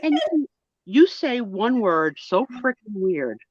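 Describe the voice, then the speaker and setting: A woman hosting a live sale show, chatting on a video call in a playful, animated way, teasing her guests and acting out their lines. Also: mid-range voice, slow pace, no echo. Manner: animated, playful roasting, acts out what others say. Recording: dull lo-fi call audio.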